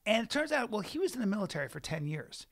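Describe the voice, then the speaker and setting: A man's voice: high-pitched, sing-song, fast, gravelly, fairly bright tone. A man in his forties, a comedian co-hosting a podcast, telling a rambling, profane story in casual chat. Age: 40s. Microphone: studio mic.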